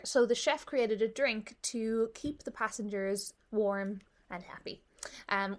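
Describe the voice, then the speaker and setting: A young woman chatting casually as a podcast co-host, telling a story with lots of fillers and asides. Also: mid-range voice. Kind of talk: casual chat.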